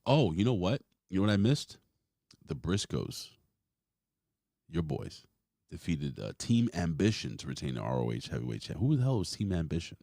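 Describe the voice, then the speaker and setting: Deep-voiced man casually hosting a wrestling show. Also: big pitch swings, moderate pace, warm tone, no echo, clean studio sound. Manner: loose, rambling, swears casually. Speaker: podcast host. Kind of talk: casual wrestling review chat.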